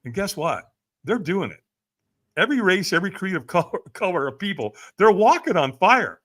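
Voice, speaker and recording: A man's voice: high-pitched, sing-song, moderate pace, a bit bright. A middle-aged man telling a personal story as a podcast guest, acting out the other voices with big swings. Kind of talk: animated storytelling.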